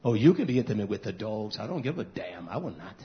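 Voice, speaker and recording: A middle-aged man preaching a fiery sermon, scolding, dropping to low mutters and whispers, then rising into loud outbursts. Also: big pitch swings, quick pace. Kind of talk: fiery street-style sermon. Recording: muffled lo-fi recording.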